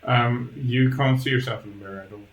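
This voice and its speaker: A man narrating a tabletop game as game master, hesitant with many pauses and restarts. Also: mid-range voice, steady tone, roomy sound, highs cut off. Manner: hesitant, lots of ums and restarts.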